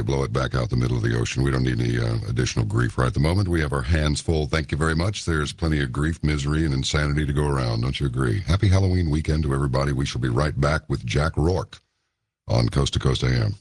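Very deep-voiced male radio host. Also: steady tone, fast talker, husky, no room sound. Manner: folksy, chatty, interjects with brief affirmations. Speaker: radio talk show host. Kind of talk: late-night radio interview.

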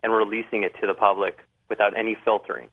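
A man's voice: on the low side, little pitch movement. A man calling into a radio show, speaking hesitantly and stopping to search for words. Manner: hesitant, halting. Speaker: caller. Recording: phone line.

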